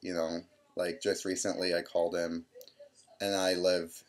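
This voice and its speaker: Young man in his twenties, deep low voice, casual rambling storyteller, lots of quoted dialogue. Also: flat delivery, measured pace. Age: 20s. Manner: rambling, full of "I'm like" quotes. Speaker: vlogger.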